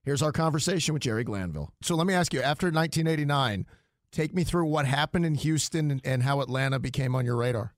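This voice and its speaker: A man hosting a talk radio show, reading an ad and asking questions in an upbeat, quick manner. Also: mid-range voice, animated, dry recording, clean studio sound. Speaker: radio host. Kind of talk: casual talk radio, host-read ad.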